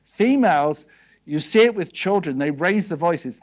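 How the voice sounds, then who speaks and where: A man giving a seminar talk to a live audience, asking them quick questions and checking in with "okay" and "yes?" as he goes. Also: on the high side, lively intonation, lo-fi sound. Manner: conversational, peppered with "okay" and "yes?". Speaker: seminar speaker.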